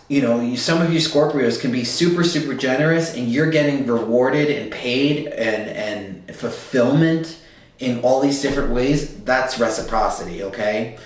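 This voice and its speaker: A man's voice: mid-range voice, far from the mic. A man giving a casual astrology reading, loose and emphatic, often checking in with "okay?". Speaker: tarot reader. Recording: very echoey room, voice set back from the mic.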